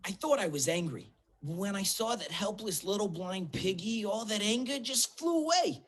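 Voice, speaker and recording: A man's voice: high-pitched, lively intonation, moderate pace, background noise. A man voicing a small, hot-headed male cartoon bird who talks in an earnest, self-reflective way.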